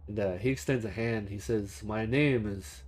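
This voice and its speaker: A man's voice: lowish voice, normal speed, close to an everyday voice. A man voicing a tall, scarred, rail-thin male stranger who speaks politely and formally in a tabletop game. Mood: curious. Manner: polite, formal, easily flustered.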